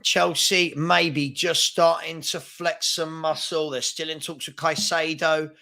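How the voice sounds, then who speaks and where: Bright-voiced man hosting a fan stream. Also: on the high side, level tone, slow, gravelly. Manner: rambling, with fillers and repeated words. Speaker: fan channel host. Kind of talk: live-stream football chat reading comments.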